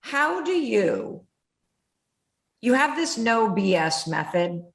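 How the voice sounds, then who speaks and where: Woman host, mid-pitched, blunt and animated, candid talk, echoey room. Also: slow. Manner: animated storyteller who acts out inner voices, blunt and swears freely. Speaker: podcast host. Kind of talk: candid conversational interview.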